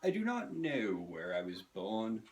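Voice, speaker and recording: A man narrating a scripted comedic video essay with dry, sardonic, self-mocking timing and theatrical pauses. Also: fairly low pitch, wildly swooping pitch.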